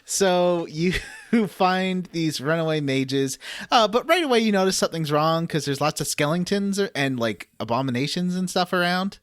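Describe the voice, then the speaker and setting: Laid-back man podcast co-host, lively pitch. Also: moderate pace, smooth, dry recording. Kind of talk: casual gaming podcast chat.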